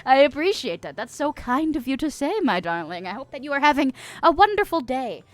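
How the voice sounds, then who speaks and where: A woman streaming live, chatting casually and reading viewer comments with a soft voice and a lot of giggling. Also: high voice, sing-song, fairly quick. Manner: giggly, playful, frequent laughter; soft-spoken.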